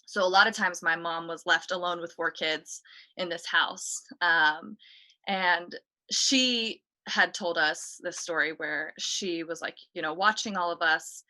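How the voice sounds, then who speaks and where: A woman with a lower-pitched voice and a bright, forward tone. She tells a story as a guest on a talk show. Her delivery is casual and chatty, and she keeps dropping in "like" and "you know". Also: unhurried. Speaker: guest telling a ghost story.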